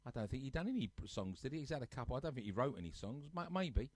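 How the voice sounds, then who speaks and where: A man's voice: medium pitch, very animated, fast, husky, no room sound. A man casually chatting to live viewers on his home sofa show, teasing them and reading out their comments. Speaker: host of a live-streamed music show.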